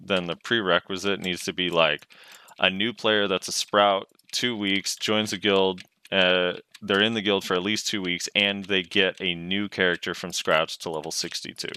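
A man's voice: sits low, bright, forceful tone, smooth. A man co-hosting a casual gaming podcast, blunt and wry, swearing offhandedly. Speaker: podcast co-host.

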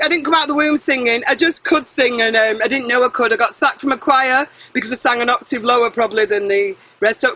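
A middle-aged woman singer talks in a casual interview with a bright, forceful voice. She is chatty and animated. She jumps into tangents and corrects herself as she goes. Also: a little high, low-quality recording.

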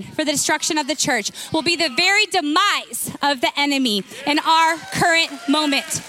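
A woman pastor preaching a sermon, retelling a story with lively acted-out dialogue and frequent restarts. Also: sits high, moderate pace, few pauses, slight background noise. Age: young adult.

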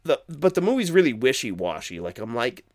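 A man's voice: medium pitch, very animated, fairly quick, a little mellow. A man co-hosting a podcast, reviewing horror films in a casual, rambling and profane way. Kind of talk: casual chat.

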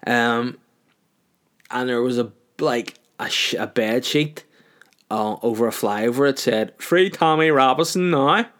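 Northern irish guy ranting on his podcast, sweary, all over the place, mid-pitched voice. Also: fairly even intonation, slow, fairly bright tone. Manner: profane, rambling, mocking. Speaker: podcast host. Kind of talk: casual solo podcast rant.

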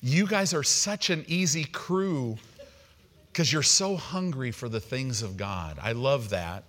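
A middle-aged man preaching an evening sermon, animated and conversational, acting out the people he quotes. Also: mid-range voice, slow. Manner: animated, acts out quoted voices. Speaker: pastor.

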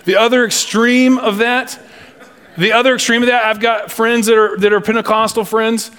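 A male pastor preaching a sermon, emphatic and deliberate, with humorous asides. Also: very high voice, flat delivery, a bit bright, clean tone.

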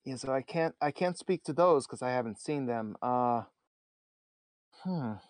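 A man's voice: mid-range voice, lively intonation, a little slow, dry recording. A man chatting casually as a podcast guest, laughing often and rambling with restarts. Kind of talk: casual chat.

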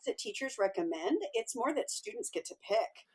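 A woman's voice: a little high, huge pitch swings, normal speed, a little mellow, husky. A woman teacher in a casual chat, candid and self-deprecating.

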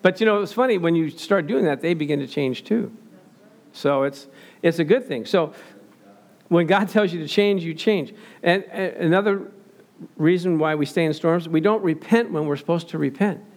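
An older man with a slightly high, gravelly voice preaches in an easygoing, storytelling manner. He slips into the voices of the people in his stories as he talks. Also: normal speed. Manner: conversational storytelling, acts out quotes. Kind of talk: sermon.

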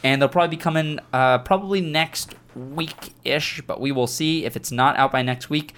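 A man's voice: on the high side, normal speed, fairly bright tone. A man hosting a podcast, making loose, upbeat announcements with playful asides. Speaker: podcast host. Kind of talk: casual show announcements.

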